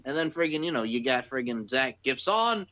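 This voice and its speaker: A man's voice: medium pitch, big pitch swings, brisk, pushed and bright, rough recording. A man co-hosting a casual wrestling podcast, crude and joking, laughing often. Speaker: podcast co-host.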